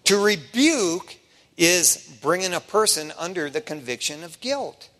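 A man preaching as a pastor in a conversational sermon, folksy, swinging from hushed to loud. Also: high-pitched, long reverb tail. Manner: folksy asides.

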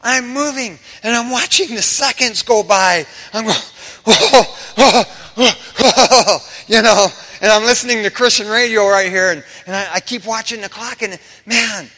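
Animated high-voiced man preaching in a hall. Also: normal speed, few pauses. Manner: animated, casual storytelling with humor and acted-out quotes. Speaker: pastor. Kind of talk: sermon. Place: church sanctuary. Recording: preached in a reverberant church hall.

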